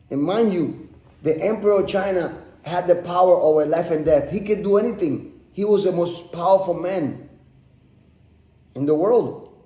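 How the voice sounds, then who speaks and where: A man's voice: on the high side, warm tone. A man narrating a story as podcast host, often repeating words as he goes. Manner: repeats and restarts words while telling. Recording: echoey room.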